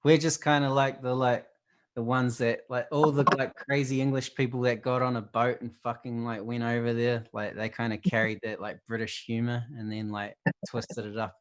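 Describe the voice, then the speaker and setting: A man's voice: mid-range voice, level tone, moderate pace. A man with a New Zealand accent, hosting a stream and chatting casually in a laid-back, rambling way full of fillers. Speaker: stream host. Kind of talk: casual chat.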